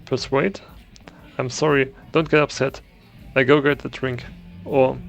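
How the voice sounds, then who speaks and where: A man's voice: medium pitch, moderate pace, gravelly, soft background music. A man playing a video game, reading the dialogue choices aloud in casual commentary. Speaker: gameplay streamer. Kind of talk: casual let's-play commentary.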